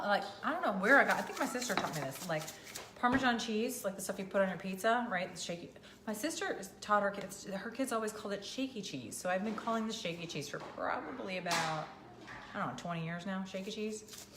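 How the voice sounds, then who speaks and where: A middle-aged woman, chatting on a home live stream in a frazzled, self-mocking way. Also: mid-range voice. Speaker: vlogger hosting a live stream. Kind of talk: casual live-stream chat. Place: home kitchen. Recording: echoey home room with clear background noise.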